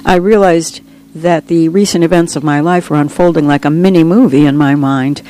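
A woman's voice: low voice, steady tone, normal speed, dark tone, poor audio. A woman author reading her own book aloud in an earnest, reflective first-person storytelling manner. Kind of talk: audiobook reading.

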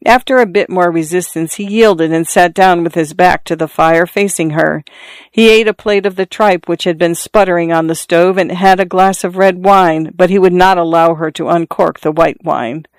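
A narrator reading a literary story aloud in a measured, even audiobook style. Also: mid-range voice, smooth, dry recording.

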